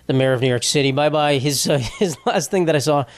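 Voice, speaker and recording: A man's voice: fairly high pitch, fast. A young man hosting a solo comedy podcast, ranting in a rambling, profane, exasperated way. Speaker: podcast host.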